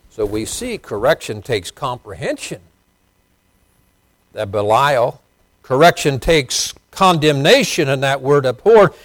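A middle-aged pastor preaches a sermon in a slightly high voice, swinging between loud emphasis and quiet asides, in a dry recording.

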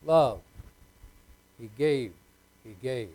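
A man preaching a sermon, leading the congregation in call-and-response and swinging between soft asides and loud, emphatic lines. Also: fairly high pitch, unhurried, rough recording. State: unwell.

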